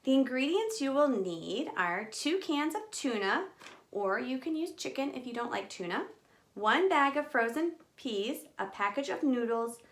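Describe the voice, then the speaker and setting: A woman hosting a children's storytime, reading a picture book aloud and talking directly to young kids in an animated, expressive way. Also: sits high, a little slow.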